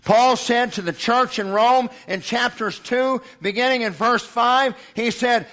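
A man preaching with fiery indignation, stacking up repeated refrains. His voice sits high and rings bright and forceful. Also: a little slow, few pauses. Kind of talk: sermon.

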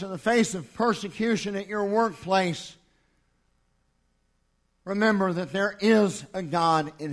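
A man preaching a sermon, his voice sitting high for a man. He builds each line in a repeating cadence and swings from loud declarations to quiet, hushed passages. He speaks in a church.

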